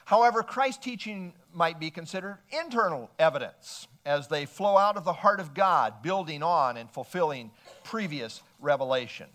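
A man preaching a measured expository sermon, working through scripture passages and citing verses as he goes. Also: fairly high pitch, lively intonation, fairly bright tone. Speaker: pastor.

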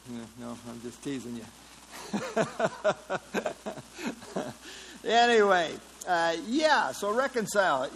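This Bible teacher's voice sits on the high side and sounds a bit bright, though the recording is rough, with a little hiss or hum. He leads an interactive study, discussing a passage casually, questioning the class, and using fillers often.

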